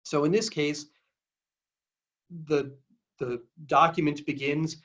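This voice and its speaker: A man's voice: a little high, unhurried, a bit bright. A man, a lawyer, answering questions in a webinar in a conversational way, with frequent ums. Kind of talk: webinar Q&A talk. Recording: dull lo-fi webinar audio.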